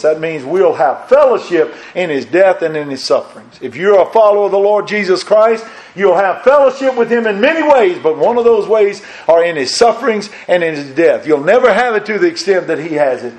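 An older pastor preaches a folksy sermon, his slightly high voice climbing on emphatic lines. He keeps putting questions to his congregation. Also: a little mellow, rough recording.

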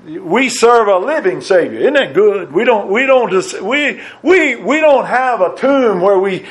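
A man preaching a sermon, folksy and plain-spoken, rising to emphatic peaks and then dropping low and quiet. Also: lively intonation, a little slow.

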